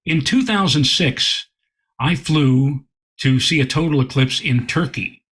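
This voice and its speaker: Astronomer guest, male, husky slightly high voice, animated storyteller. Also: measured pace. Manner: animated, repeats words while telling a story. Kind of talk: anecdotal storytelling in interview.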